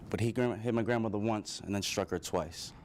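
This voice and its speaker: A man with a fairly low voice talks to a crowd and tells his own story with earnest, open emotion. A faint hiss sits under his voice. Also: fairly quick, darkish tone. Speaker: speaker addressing an audience. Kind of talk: personal storytelling speech.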